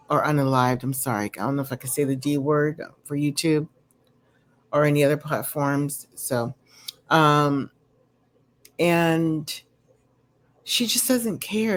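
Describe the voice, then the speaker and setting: Slow, low-voiced woman chatting casually. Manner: rambling, full of "you know" and "um" fillers; candid, opinionated asides. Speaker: vlogger recapping a reality show. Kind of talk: casual chatty recap commentary. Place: home with a dog nearby.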